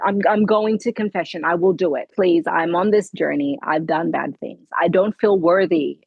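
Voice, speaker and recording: A woman guest telling her personal faith story in an interview, emotional and halting. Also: fairly low pitch, husky, no echo, dull audio.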